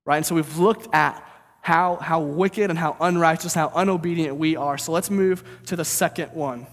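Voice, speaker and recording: A preacher from St. Louis giving an energetic, conversational sermon, often checking in with "right?". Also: male voice, on the high side, normal speed, big-room sound. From St. Louis, USA.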